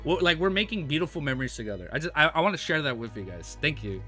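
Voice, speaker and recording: An American man streaming, who reads a novel aloud and breaks off for laid-back, excitable chat full of slang. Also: a little high, quick pace, soft background music. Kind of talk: reading a novel aloud on a livestream, casual chat.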